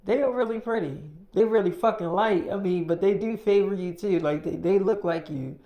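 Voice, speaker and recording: A man voicing an excited young woman who gushes emphatically and swears casually while gossiping. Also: sits high, normal speed, muffled recording, close to an everyday voice.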